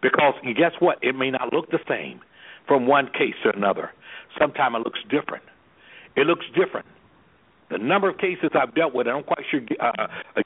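A man's voice: a little high, breathy edge, phone-quality sound. A man working as an anger management specialist, talking as a guest on a radio interview in an impassioned, preacherly way, firing off rhetorical questions.

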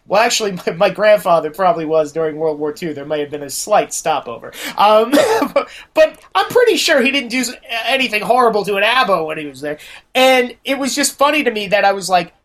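A man from New Jersey hosting a podcast, chatting casually and telling blunt, profane stories with animated quoted voices. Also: sits high, fairly quick. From New Jersey, USA. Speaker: podcast host. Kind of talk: casual chat.

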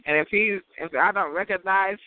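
A man rambling through a casual monologue, giggling often and breaking into high laughs. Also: normal speed, dry recording. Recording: tinny phone-like sound.

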